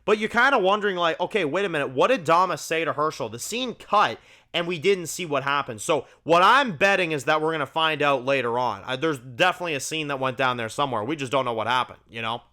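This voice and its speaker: A man's voice: a little high, lively intonation, quick pace, pushed and bright. A man hosting his review channel, talking through a TV episode in a loose, enthusiastic way, full of "like" and "you know". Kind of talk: casual spoken episode review.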